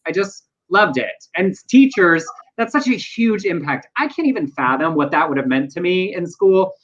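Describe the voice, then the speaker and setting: A man co-hosts a live news chat show, speaking earnestly and reflectively and weaving in personal stories. His voice is high and bright. The audio is slightly dull and muffled. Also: animated, normal speed. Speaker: co-host.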